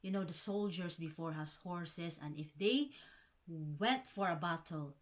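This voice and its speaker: A woman's voice: on the low side, a little slow. A woman from the Philippines chatting casually to camera as a vlogger, calling her viewers guys and often restarting words. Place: home in the Scottish Highlands.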